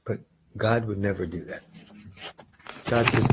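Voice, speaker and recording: A man's voice: on the low side, steady tone, measured pace, long pauses, background noise. A man giving a casual, rambling meditation lesson, earnest and often checking in with "right?". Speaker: meditation teacher.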